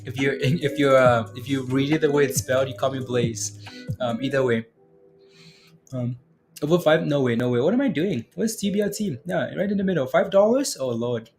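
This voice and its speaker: A man's voice: medium pitch, brisk, a little mellow, soft background music. A man hosting a live day-trading stream, chatting casually with viewers, full of fillers and tag questions as he talks through charts. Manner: chatty, filler-heavy, keeps adding "right?" and addressing viewers by name. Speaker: livestream day-trading host. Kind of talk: casual live chart commentary reading chat.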